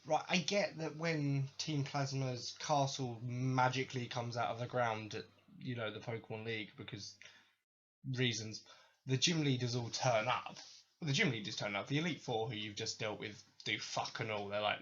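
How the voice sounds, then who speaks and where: A man's voice: mid-range voice, steady tone, normal speed, fairly bright tone. A young man hosting a podcast, ranting in a profane, sarcastic way. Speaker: podcast host. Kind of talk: ranting commentary. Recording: dull lo-fi recording.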